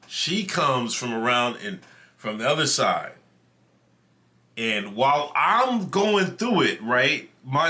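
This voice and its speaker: A man's voice: fairly high pitch, bright, forceful tone. A man hosting a livestream, telling a story to his chat in a loose, profane, conversational way. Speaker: livestream host. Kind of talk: casual storytelling to stream chat.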